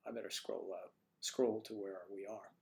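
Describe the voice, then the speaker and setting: A gravelly, dark, fairly low voice with a steady tone and moderate pace belongs to a man livestreaming casually from home. He has a cough, and his manner is rambling and chatty as he jokes with the chat. The microphone is on a stand he keeps adjusting.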